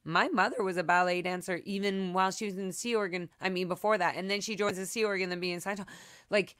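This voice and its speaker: Emotional young woman host, bright voice. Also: mid-range voice, fairly even intonation, clear, resonant tone. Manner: emotional, swearing, quick rambling storytelling. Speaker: podcast host. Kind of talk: casual chat.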